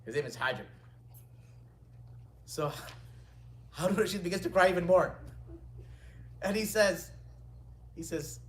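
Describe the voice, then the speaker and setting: Animated male lecturer in an echoey room. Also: high-pitched, unhurried, pauses often, slight background noise. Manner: lively retelling, quotes Arabic then translates. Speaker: religious teacher. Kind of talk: storytelling lecture. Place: indoor gathering room. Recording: echoey room, distant mic.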